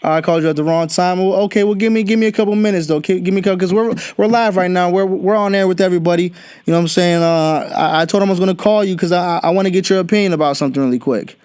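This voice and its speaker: A man's voice: high-pitched, racing, a little mellow, clean tone. A young man hosting a podcast, ranting bluntly and profanely in casual talk. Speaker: podcast host. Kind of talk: casual political rant.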